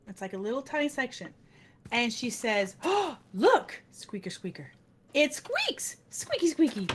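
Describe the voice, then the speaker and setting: Lady telling a story while gaming, high pitched, slips into everyone's voices. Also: slight background noise. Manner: animated, acts out other people's voices. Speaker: host. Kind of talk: casual storytelling while playing a game.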